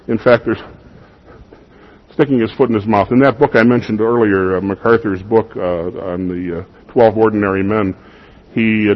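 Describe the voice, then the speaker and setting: A man preaching a sermon in a husky voice, in a conversational style with rhetorical questions to the congregation, in what sounds like a church. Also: lowish voice. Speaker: pastor. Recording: dull lo-fi recording.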